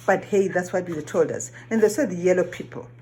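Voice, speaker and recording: A woman's voice: on the low side, brisk, mellow, a little hiss or hum. A woman whose first language is not English, giving an earnest reflective monologue, often asking questions and repeating phrases. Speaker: vlogger.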